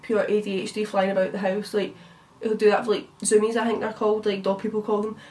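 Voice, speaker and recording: A chatty Scottish woman in her twenties tells a long story at a quick clip while putting on makeup. She swears freely and fills her speech with casual asides. Her voice sits a little away from the microphone. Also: mid-range voice, flat delivery, darkish tone, recorded from a distance, slight background noise. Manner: chatty, swearing, lots of fillers. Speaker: beauty vlogger.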